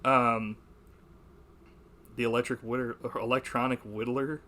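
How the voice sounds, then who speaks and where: A man's voice: mid-range voice, little pitch movement, unhurried, bright, forceful tone, slight background noise. A young man hosting a podcast, chatting casually about a movie, rambling, swearing and laughing as he quotes lines. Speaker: podcast host.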